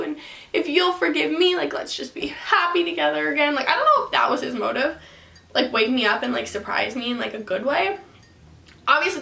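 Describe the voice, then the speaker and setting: Brief: high-voiced young woman, casual storytime vlogger, bright edge, recorded from across an echoey room. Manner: animated, frequent "like" fillers. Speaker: vlogger telling a personal story. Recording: echoey room, distant mic, faint ambience.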